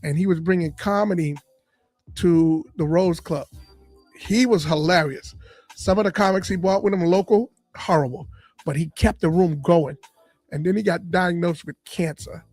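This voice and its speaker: High-voiced storytelling man from Boston. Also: moderate pace, no echo, soft background music. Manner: animated storyteller, lively and full of punchlines. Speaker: comedian and radio personality, guest. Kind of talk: storytelling in a casual interview.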